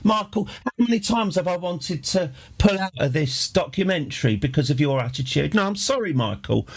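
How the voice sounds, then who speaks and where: A man's voice: high-pitched, animated, normal speed, vocal fry, husky, voice pushed up, heavily acted. A man mimicking an indignant woman who scolds a documentary director, in a raised voice. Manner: exasperated, reproachful, repeating the name.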